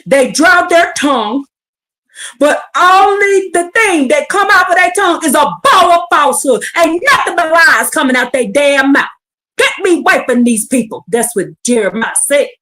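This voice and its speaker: A woman with a high, bright-pitched voice reads scripture on a livestream. She breaks into blunt, fiery, profane commentary and presses her listeners with pleading rhetorical questions. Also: lively intonation, normal speed. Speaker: scripture teacher. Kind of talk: livestreamed Bible reading with commentary.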